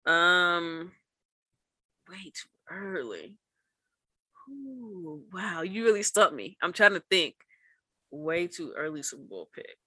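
A woman's voice: lowish voice, big pitch swings, takes it slowly, pauses often, bright, forceful tone, breathy edge, no echo. A woman co-hosting a podcast, chatting casually about sports, laughing often and doubting her own picks. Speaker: podcast co-host.

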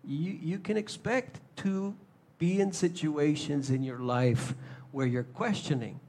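A man preaching a sermon, animated, acting out little scenes in shifting voices. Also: fairly high pitch, a little slow. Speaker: pastor.

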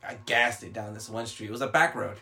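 A young man, telling a story in casual chat, animated and swearing a lot. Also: fairly low pitch, fast, soft background music.

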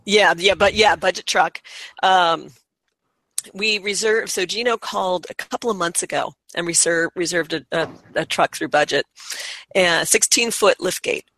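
A hoarse woman chatting casually as a podcast co-host, laughing often and swearing freely. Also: fairly low pitch, moderate pace, a bit bright.

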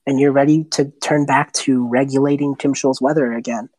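A woman game master narrating a tabletop game in a relaxed, descriptive way. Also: rumbling low, normal speed, rough recording. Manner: relaxed, descriptive, some restarts.

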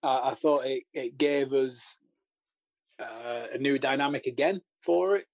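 A man co-hosting a podcast, giving measured film opinions with frequent uhs and you knows. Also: mid-range voice, no room sound. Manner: measured, hesitant, many uh and you know. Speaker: podcast co-host. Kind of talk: casual film discussion.

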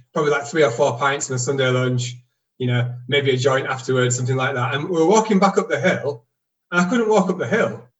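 A man in his forties tells his story candidly, pausing and restarting as he talks. His pitch sits mid-range for a man. He is recorded a little away from the microphone. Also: a bit bright, far from the mic, rough recording. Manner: halting, candid, self-deprecating. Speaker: guest telling his story. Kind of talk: casual reflective storytelling.

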